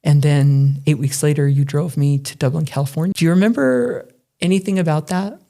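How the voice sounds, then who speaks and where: A middle-aged woman hosting a podcast, telling a candid personal story in an emotional, earnest way with halting restarts. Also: low-pitched, steady tone, gravelly, warm tone. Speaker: podcast host.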